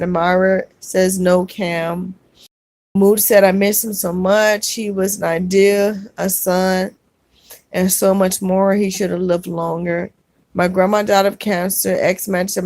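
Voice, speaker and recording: A woman with a fairly low, creaky voice hosts a casual livestream, reading viewer comments out loud and gently replying, calling people sweetheart. Her speech is halting, full of fillers and restarts. The audio is close and dry, without room echo.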